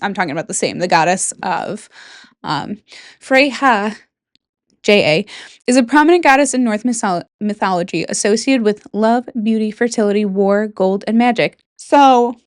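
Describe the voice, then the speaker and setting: A woman's voice: medium pitch, animated, normal speed, dry recording, studio quality. A young woman from Michigan, speaking with a Michigan accent, hosts a casual solo talk about folklore from her bedroom, chatty and joking with whispered asides. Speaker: podcast host.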